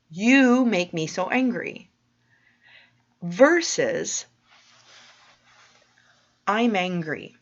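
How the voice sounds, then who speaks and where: A woman giving a spiritual teaching talk to listeners, speaking in a slow, soothing, affirming way. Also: mid-range voice. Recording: dull lo-fi recording.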